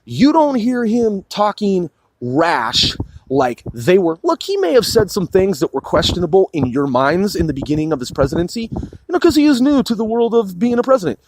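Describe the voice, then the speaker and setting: A man's voice: sits high, big pitch swings, normal speed, a little mellow. A man on a heated political rant, swearing constantly, repeating and restarting his sentences.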